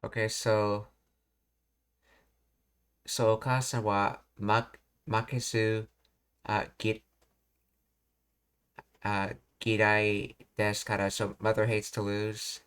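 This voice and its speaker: Male streamer teacher, flat delivery, clear voice, halting read-aloud explanations. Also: on the low side. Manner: halting, reads explanations aloud with frequent restarts. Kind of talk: live-streamed language lesson.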